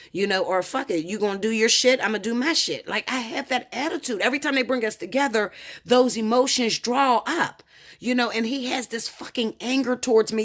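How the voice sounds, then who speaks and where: A woman's voice: medium pitch, fairly bright tone. An American woman tarot reader telling a personal story to her viewers in a blunt, profane, emphatic way, often repeating "okay?".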